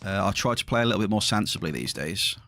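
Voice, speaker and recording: A man's voice: low-pitched, animated, fast, bright, forceful tone, no echo. A middle-aged man chatting casually to viewers during a livestream, rambling, his voice slightly strained. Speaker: livestreaming gamer.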